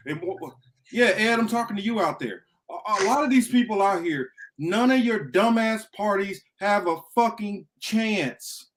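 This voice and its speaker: A man's voice: high voice, expressive, moderate pace, fairly bright tone. A man hosting a political talk show, ranting emphatically with heavy profanity and repetition. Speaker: podcast host.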